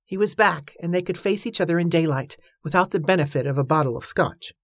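Low-voiced woman reading a novel. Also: a little fast, dry recording, clean studio sound. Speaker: audiobook narrator. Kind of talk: scripted narration.

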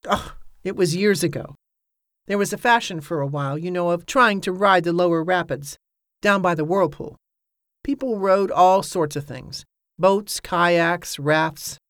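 A man's voice: high voice, normal speed, fairly bright tone, no room sound. A reader plays a reticent boatman with a plain, mumbling way of speaking. His lines stay close to the reader's own voice. The recording is close and dry. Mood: reassuring. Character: gruff, reticent boatman, older man.

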